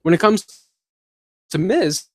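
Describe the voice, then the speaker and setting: A man's voice: high voice, very animated, takes it slowly, darkish tone, no room sound, clean studio sound. A man hosting a solo podcast, ranting with sarcasm and mocking impressions as he talks. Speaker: podcast host. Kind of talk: solo wrestling commentary podcast.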